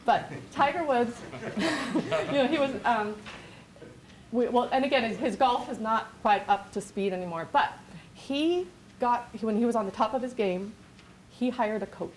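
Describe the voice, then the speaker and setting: A woman's voice: fairly high pitch, measured pace, slight background noise. Chatty woman coach rambling through a workshop. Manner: chatty, rambling, many restarts and quoted asides. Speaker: business coach. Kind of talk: workshop presentation. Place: classroom.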